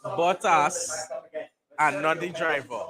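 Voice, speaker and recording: Excitable high-voiced man. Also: slow. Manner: excitable, bursts into shouted mock commentary. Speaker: livestream host. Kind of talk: live race watchalong chat. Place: bar and grill. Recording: noisy bar crowd behind.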